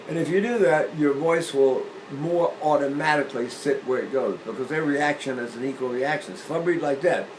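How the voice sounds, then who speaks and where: An older man teaching singing, explaining breathing with lively demonstrations, often repeating and restarting phrases. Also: a little high, a little hiss or hum, rough recording. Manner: animated, illustrating points with sung demonstrations. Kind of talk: demonstrative vocal lesson.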